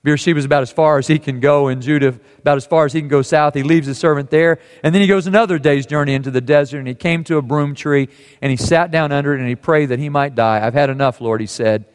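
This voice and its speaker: A man preaching a sermon, telling a scripture story and quoting its voices softly. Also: on the high side, quick pace, clear, resonant tone, big-room sound.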